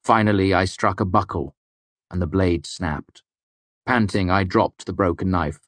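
A man narrating a first-person fantasy story in a measured, grave storytelling manner. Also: deep voice, no echo. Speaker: audiobook narrator.

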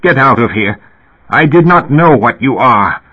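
A man's voice: medium pitch, very animated, normal speed, husky. A man voicing a furious old man. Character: angry old man, fearful and forceful. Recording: tinny narrow-band radio sound.

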